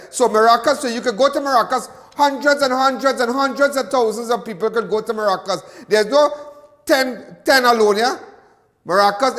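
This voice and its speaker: A man's voice: very high voice, a bit bright, in a large hall. A Trinidadian man hosting a live crime show, talking in an emotional, repetitive monologue that rises into agitated ranting. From Trinidad and Tobago. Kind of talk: livestream monologue.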